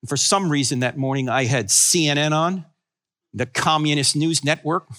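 Sixties male apologist with a high, bright voice; wisecracking storyteller for a room. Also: moderate pace. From New Jersey. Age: 60s. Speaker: Christian apologetics speaker. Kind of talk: humorous live talk to an audience. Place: room with a live audience.

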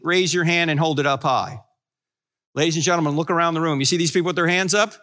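A man's voice: fairly high pitch, steady tone, quick pace, fairly bright tone. A man in his sixties from New Jersey giving a humorous talk on faith to a live audience, telling stories and acting out quoted voices. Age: 60s. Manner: storytelling, acts out quoted voices, wisecracking. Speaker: Christian apologetics speaker.

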